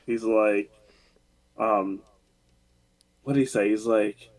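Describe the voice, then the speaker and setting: A man's voice: fairly low pitch, fairly even intonation, takes it slowly, poor audio. A man co-hosting a casual podcast, retelling scenes with lots of fillers and restarts. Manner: rambling retelling with many fillers and laughs. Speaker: podcast co-host. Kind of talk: casual chat.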